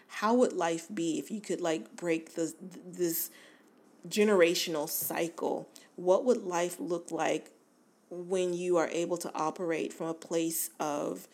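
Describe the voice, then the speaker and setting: A woman's voice: on the low side, darkish tone. A woman in her forties hosting a self-help podcast, talking earnestly and encouragingly, with many fillers and restarts. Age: 40s. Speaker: podcast host.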